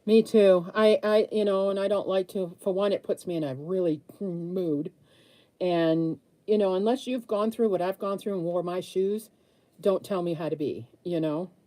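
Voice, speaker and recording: A woman's voice: on the low side, normal speed, dark tone. A woman in her sixties, chatting candidly with viewers while she paints during a live stream. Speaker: livestream host answering viewer comments.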